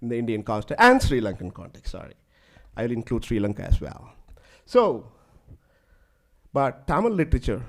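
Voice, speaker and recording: A man giving a conference lecture, telling stories in an animated way and often saying "like". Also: mid-range voice, moderate pace. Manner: animated, fills speech with "like".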